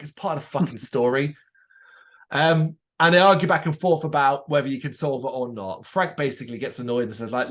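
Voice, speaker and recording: A man co-hosting a podcast, casually recapping a TV episode and acting out the lines he quotes. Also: fairly high pitch. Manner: animated retelling, acts out quotes. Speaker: podcast co-host.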